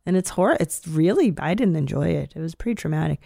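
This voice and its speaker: A woman hosting a podcast, telling stories in a rambling, expressive way, swearing and laughing often. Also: low-pitched, quick pace, gravelly, dry recording, clean studio sound. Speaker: podcast host. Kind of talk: casual podcast chat.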